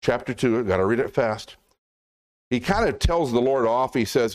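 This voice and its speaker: A man preaching a sermon in a casual, conversational way. He slows down to read scripture and puts on voices for the dialogue in the story. His voice sits at an ordinary middle pitch for a man. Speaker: pastor.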